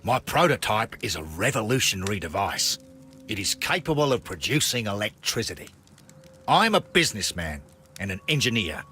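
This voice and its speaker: A man's voice: on the low side, sing-song, moderate pace, bright, forceful tone, slight background noise. A man voicing an irritable, wealthy male businessman and engineer with an Australian accent in a video game. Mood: explaining. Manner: impatient, complaining, brusque.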